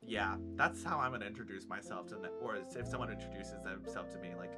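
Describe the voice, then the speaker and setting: A man's voice: fairly low pitch, a little fast, loud music behind the voice. A man with a Minnesotan accent chatting playfully over a game stream, joking and swearing. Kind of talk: casual gaming stream commentary.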